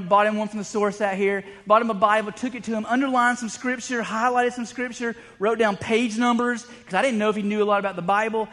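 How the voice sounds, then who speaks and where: A pastor preaches a sermon, telling stories conversationally and restarting often. His voice is high-pitched and a bit bright, with a big-room sound.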